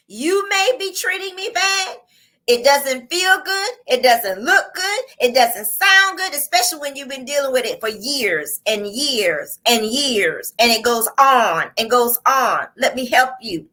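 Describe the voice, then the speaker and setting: A woman hosts a live online show in a fervent, preaching-style motivational delivery. Her voice sits high and sounds bright and forceful. She drives her points home with repeated phrases and calls out to her listeners. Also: expressive, takes it slowly. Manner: fervent, repetitive, with call-outs to the audience. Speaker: host and coach.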